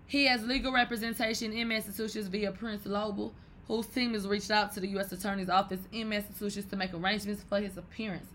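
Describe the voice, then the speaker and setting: Woman, podcast host, bright and forceful tone, loose profane commentary with sudden loud outbursts. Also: medium pitch, fast talker, hardly any pauses, slight background noise. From Texas. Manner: animated, profane, bursts into loud exclamations. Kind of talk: casual commentary.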